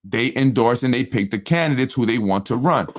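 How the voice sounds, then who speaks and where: Animated New man hosting political talk. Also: mid-range voice, a little fast. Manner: animated, repetitive, with frequent tag questions; acts out other people's speech in quoted voices. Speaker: political talk show host. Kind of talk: casual political commentary to an audience.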